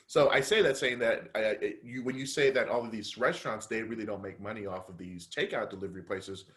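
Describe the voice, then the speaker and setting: Animated slang-heavy man telling a story. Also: fairly low pitch, a little fast. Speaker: podcast co-host. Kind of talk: casual storytelling chat.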